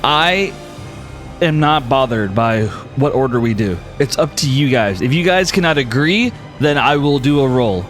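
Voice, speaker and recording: A man narrating as game master in a tabletop game, relaxed and full of fillers. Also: mid-range voice, normal speed, soft background music.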